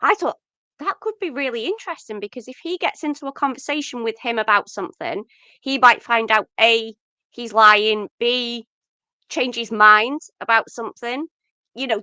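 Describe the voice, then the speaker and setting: A woman's voice: fairly high pitch, lively intonation, moderate pace, bright, forceful tone, no echo. A woman co-hosting a podcast, chatting casually about a film with lots of fillers. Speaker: podcast co-host.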